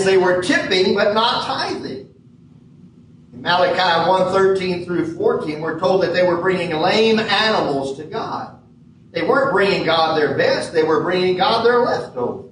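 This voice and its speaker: A man preaching a sermon as pastor in a church sanctuary, measured and leaning hard on key words. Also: high-pitched, animated, fairly bright tone, a little hiss or hum. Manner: measured preaching with emphatic stresses. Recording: echoey hall from far off.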